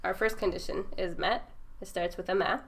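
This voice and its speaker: A woman explains grammar rules to a learner in a patient, steady teaching voice. Her tone has a slight gravelly edge. She checks in often to make sure the student follows. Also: medium pitch, brisk. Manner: patient, checks understanding with "right?".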